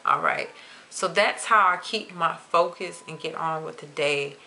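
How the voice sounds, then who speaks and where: A young adult woman vlogging to camera in a chatty, expressive way, stretching words for emphasis. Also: low-pitched, unhurried, a little hiss or hum. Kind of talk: casual chat to camera.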